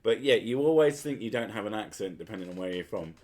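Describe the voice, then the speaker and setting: A man's voice: on the low side, lively intonation, quick pace, a little mellow. A man with a Home Counties English accent chatting casually and sarcastically as a podcast host, swearing freely. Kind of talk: casual chat.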